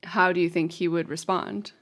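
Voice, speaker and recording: A woman's voice: fairly low pitch, steady tone, normal speed, fairly bright tone. Chatty woman co-hosting a podcast. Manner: chatty, laughing, blunt. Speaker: podcast co-host. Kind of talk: casual film review chat.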